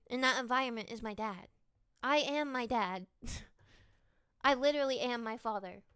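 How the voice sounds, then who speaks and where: A woman's voice: a little high, bright, forceful tone, clear, resonant tone, dry recording. A woman streamer chatting casually with her viewers, rambling and laughing often. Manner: giggly, rambling, playful.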